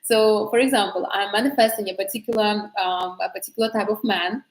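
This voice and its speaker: A woman's voice: medium pitch, fairly even intonation, brisk, echoey room, rough recording. A woman coaching casually on manifesting, chatty with many fillers and restarts. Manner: chatty, frequent fillers and self-corrections, laughs often. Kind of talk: casual advice talk.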